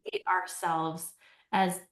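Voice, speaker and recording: In a conversational podcast interview, a woman CEO discusses healing with earnest reflection, regularly checking in with a questioning "right?". Her voice is on the low side, slow, and fairly flat in pitch.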